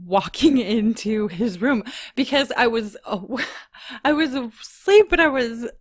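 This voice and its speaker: A woman co-hosting a podcast, telling a story in a giggly, animated way. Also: a little high, takes it slowly. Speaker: podcast co-host. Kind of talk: casual chat.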